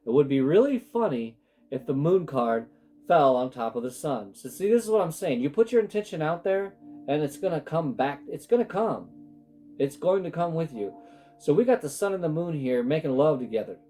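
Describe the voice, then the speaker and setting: A man talks through a tarot spread in a loose, heartfelt way, trailing off and restarting his sentences. His voice sits a little high for a man. Soft music plays faintly behind him. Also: animated, normal speed. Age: adult with sons. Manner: emotional, rambling, self-interrupting. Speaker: tarot reader. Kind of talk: casual spiritual tarot reading.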